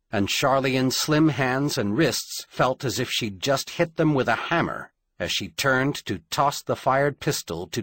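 Guy reading an action-heavy audiobook, slow and husky, lots of ups and downs. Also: medium pitch, a bit bright, dry recording. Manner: dramatic, measured storytelling. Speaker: audiobook narrator. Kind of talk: scripted fiction narration.

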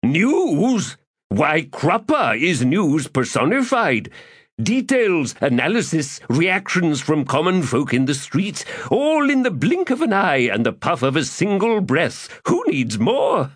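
In an audiobook, a man gives a full, theatrical character voice to a pompous, florid, chubby schemer holding court at a tavern table, who speaks grandiloquent archaic phrases and refers to himself in the third person. His pitch swoops and dances, very animated and slow with a breathy edge. The sound is close and dry, with no echo.

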